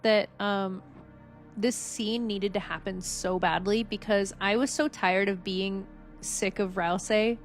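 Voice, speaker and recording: A woman's voice: mid-range voice, fairly even intonation, takes it slowly. A young woman streaming a game, chatting casually and emotionally, laughing and swearing now and then. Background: faint game music.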